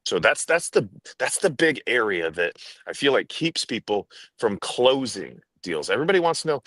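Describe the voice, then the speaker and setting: Animated, forceful male sales trainer. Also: fairly low pitch, moderate pace, no room sound. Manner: emphatic, demonstrative, drives points home with stress and inflection. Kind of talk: animated podcast talk.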